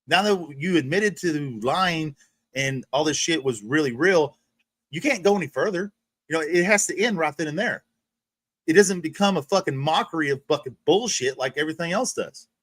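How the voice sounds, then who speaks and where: A man's voice: on the high side, expressive, moderate pace, fairly bright tone, no echo. Heated, profane man ranting. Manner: profane, heated, repeats himself with restarts. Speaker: livestream host. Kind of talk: ranting casual monologue.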